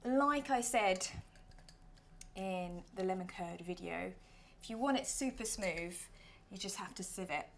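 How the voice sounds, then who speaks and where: A woman in her thirties hosting a casual cooking demonstration in a kitchen, chatty and playful, sometimes dropping to soft self-deprecating asides. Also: medium pitch, unhurried, creaky, slight background noise. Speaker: cooking show host.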